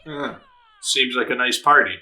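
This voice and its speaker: A man's voice: medium pitch, normal speed, sharp tone. A man hosting an anime reaction video, chatting casually, laughing often, swearing and acting out characters' lines. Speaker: anime reaction channel host.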